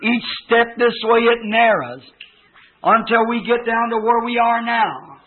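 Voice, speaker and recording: High-voiced preacher, tinny old tape. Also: male voice, measured pace. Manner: fervent, recounting a vision with quoted voices. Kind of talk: sermon.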